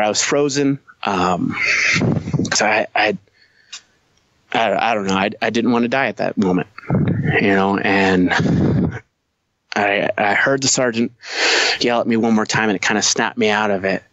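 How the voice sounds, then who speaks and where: A man's voice: on the low side, moderate pace, long pauses, fairly bright tone, no echo, highs cut off. A man who is a Marine veteran, telling a war story as a podcast guest, blunt and heavy on profanity. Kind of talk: casual storytelling.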